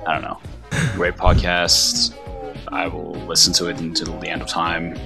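A man's voice: sits low, completely flat delivery, normal speed, vocal fry, loud music behind the voice. A man leaving a rambling voicemail for a podcast, chuckling between thoughts. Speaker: caller. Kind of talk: phoned-in voicemail.

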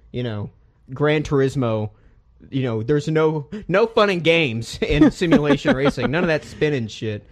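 Young dude going on about games, voice bouncing all over, cussing and laughing, pitch on the high side. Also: male voice. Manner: animated, profane, laughs often. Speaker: podcast host. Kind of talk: casual gaming chat.

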